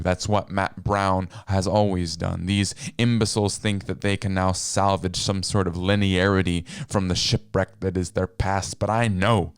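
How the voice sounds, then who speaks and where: A man's voice: low voice, clean tone, dry recording, clean studio sound. A man voicing a bitter young man who is angry at all of existence and talks in a cold, lecturing way.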